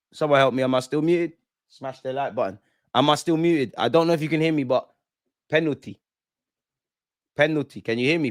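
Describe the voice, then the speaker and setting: A young man hosting a live football watch-along, chatting in street slang and shouting when goals go in. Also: medium pitch.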